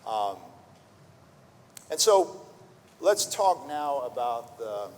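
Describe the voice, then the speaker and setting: Speaking extremely slowly in a sing-song, slightly mellow voice of medium pitch, a man delivers an earnest sermon packed with rhetorical questions. He frequently repeats words as he starts a thought over. The recording carries the long reverb of a church hall in a sanctuary.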